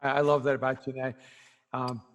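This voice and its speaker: A man, a pastor, interviewing a guest, talking in a halting way with many restarts and murmured encouragement. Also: mid-range voice, flat delivery, big-room sound, highs cut off. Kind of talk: interview conversation.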